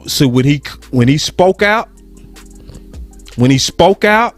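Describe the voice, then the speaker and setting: A man from Dallas hosting a sports talk show, ranting with heated emphasis and the odd curse. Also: mid-range voice. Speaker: host. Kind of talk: passionate fan-show rant.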